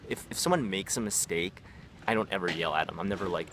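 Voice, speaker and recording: In a casual, rambling vlog, a man who used to teach English tells stories about the job, leaning on fillers and acting out quoted voices. His voice is low, quick, and fairly bright, with slight hiss or hum.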